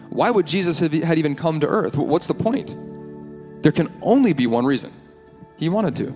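A pastor preaching a sermon in earnest, with playful asides, in a church. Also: male voice, fairly high pitch, a little mellow. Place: church hall with band. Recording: long hall reverb, faint music.

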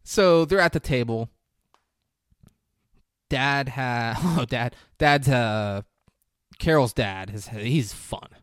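A man's voice: mid-range voice, slow, pauses often, clear, resonant tone, dry recording, studio quality. A man hosting a casual comedy podcast, retelling a film scene by scene and jumping into voices for the characters, blunt and profane when he jokes. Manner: animated storytelling, jumps into voices for the characters. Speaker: podcast host recapping a movie. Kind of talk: casual comedic movie recap.

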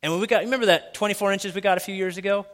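A pastor preaching a sermon in a church, swinging from hushed, intimate lines to loud, excited shouting. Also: male voice, sits high, very fast, big-room sound. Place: church sanctuary.

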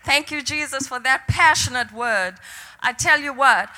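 Older female minister, fervent, high bright voice, testimony that builds to a rallying cry. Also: a little slow. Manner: passionate, builds to exhortation. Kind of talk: sermon testimony.

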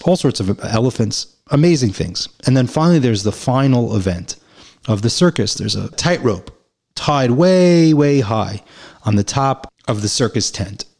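A man's voice: lowish voice, darkish tone. A man giving a reflective spiritual teaching, telling a parable and repeating phrases for emphasis.

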